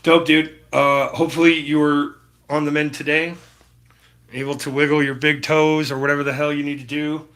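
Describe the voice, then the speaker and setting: A man's voice: a little high, flat delivery, normal speed, a bit bright. A man chatting casually to his viewers while painting on a live stream, rambling and swearing freely. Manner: laid-back, rambling, swears freely, chats to viewers by name.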